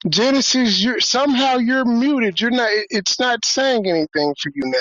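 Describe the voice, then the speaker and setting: A man's voice: very high-pitched, normal speed, few pauses, a bit bright, dry recording. A man from Memphis, hosting a livestream talk show in a blunt, provocative, teasing way. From Memphis, USA. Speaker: show host. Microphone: video call stream. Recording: dull dry lo-fi stream audio.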